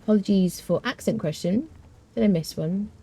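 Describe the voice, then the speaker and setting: A woman's voice: medium pitch, moderate pace, warm tone, breathy edge. A British woman streaming a game live, chatting casually, rambling with fillers and answering her chat. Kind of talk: casual live gameplay commentary.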